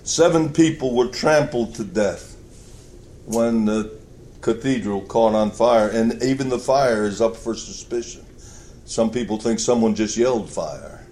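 A man's voice: fairly low pitch, measured pace, a little mellow, a little hiss or hum. A male preacher delivering a sermon, telling a story with emphatic, storytelling delivery. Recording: echoey church hall.

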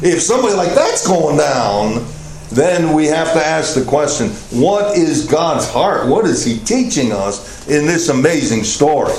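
A man with a high voice preaches a sermon, earnest and emphatic, leaning into key points with small "uh" pauses. The sound is roomy and echoey, with a faint hiss underneath. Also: very animated, a little mellow. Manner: earnest preaching with rising emphasis and frequent "uh" fillers. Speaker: pastor. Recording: echoey room with faint noise.

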